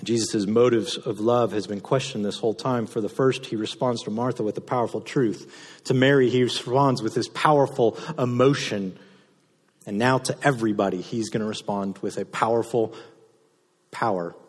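A man pastor preaching a sermon, moving between loud impassioned passages and soft, low delivery. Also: fairly even intonation, normal speed. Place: church sanctuary. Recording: reverberant hall sound.

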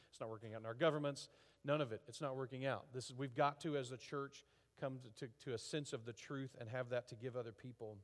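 Guy preaching in a church, casual and halting, lots of um and restarts, long echo off the hall. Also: mid-range voice. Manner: conversational, halting with fillers and restarts; rising to emphatic rhetorical questions. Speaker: pastor. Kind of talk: sermon. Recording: reverberant hall.

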